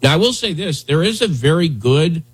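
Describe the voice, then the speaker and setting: Husky-voiced man rambling on talk radio. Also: a little high, expressive, normal speed. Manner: rambling, conversational, lots of fillers. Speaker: radio talk show host. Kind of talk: casual talk radio chat.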